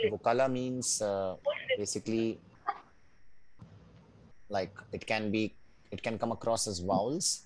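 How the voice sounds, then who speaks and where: A man's voice: mid-range voice, low-quality recording. Man teaching German, patient and drilling. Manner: patient, checks in often with "right?" and "no?"; drills pronunciation slowly, word by word. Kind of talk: live online language class.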